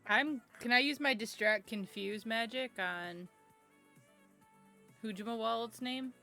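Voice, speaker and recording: A woman's voice: fairly high pitch, unhurried, bright, forceful tone, faint music behind. A woman playing in a tabletop game, chatting casually, giggling and apologizing to the viewers. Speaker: player. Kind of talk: casual chat.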